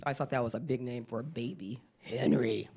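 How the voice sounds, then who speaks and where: A middle-aged woman performing a stand-up comedy set, often jumping into squeaky acted-out voices. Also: fast talker, darkish tone, husky.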